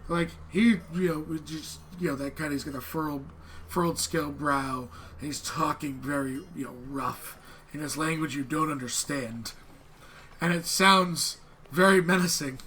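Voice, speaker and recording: With slight background noise behind him, a man whose voice is a little high, pushed and bright runs a tabletop game as game master. He narrates haltingly, using many fillers and restarts.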